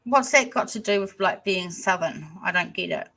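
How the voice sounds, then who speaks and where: A New Zealand woman hosting a casual livestream chat, hesitant and rambling with many pauses. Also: on the low side, expressive, gravelly, bright, forceful tone, poor audio. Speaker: channel host.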